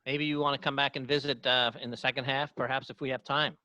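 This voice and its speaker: A man hosting an online open mic over a video call, talking in a halting, unhurried way with pauses and restarts. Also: medium pitch, level tone, sharp tone, no echo, highs cut off. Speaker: open mic host and musician. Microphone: computer mic on a video call.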